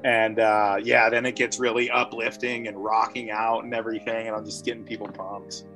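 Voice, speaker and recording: A man's voice: fairly low pitch, little pitch movement, normal speed, music in the background. Man playing a bard in a tabletop game. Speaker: player.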